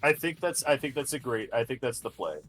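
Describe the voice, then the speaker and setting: A man's voice: mid-range voice, fairly quick, faint music behind. A man chatting as a guest on a livestream, enthusiastic and casual. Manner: enthusiastic, lively. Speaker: co-host, guest on stream.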